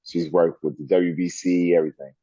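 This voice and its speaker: A middle-aged man, a wrestler guest in an interview, telling animated stories and laughing often. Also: low-pitched, fairly quick, slightly rough, no room sound. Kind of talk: storytelling interview. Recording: dull lo-fi sound.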